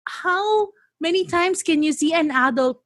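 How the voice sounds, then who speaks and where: A high-voiced woman in her thirties chats as a podcast guest and tells animated stories. She laughs often and jumps into little acted-out quotes. The sound is close and dry. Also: a little slow, no room sound. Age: 30s. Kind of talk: casual chat.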